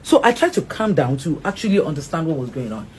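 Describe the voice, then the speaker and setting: Speaking fast in a low voice, a middle-aged Nigerian woman who works as an actress recounts an emotional story in an interview. There's a little background noise, and she keeps restarting while animatedly performing other people's dialogue.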